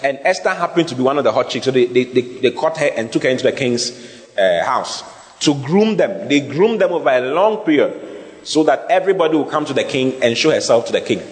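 Animated male preacher in a reverberant hall. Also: mid-range voice, fairly quick. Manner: animated, spells out words, laughs often. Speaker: preacher teaching Bible words. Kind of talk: sermon.

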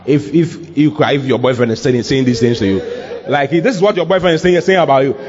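A man preaching an animated sermon, laughing, mimicking voices and breaking into shouts. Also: mid-range voice, brisk, crowd noise. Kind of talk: lively sermon. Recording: dull lo-fi recording.

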